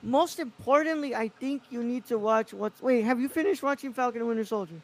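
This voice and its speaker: A man's voice: very high voice, brisk, poor audio. A man hosting a casual podcast, chatty and loose, with lots of fillers. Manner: loose, swearing, filler-heavy. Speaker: podcast host. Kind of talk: casual chat.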